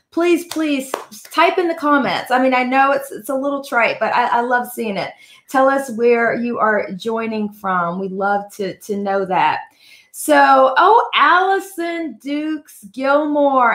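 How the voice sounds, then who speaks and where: A woman's voice: high voice, a bit bright, reverberant. A woman hosting a livestream, chatty and upbeat, greeting viewers by name. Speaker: host. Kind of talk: livestream chat.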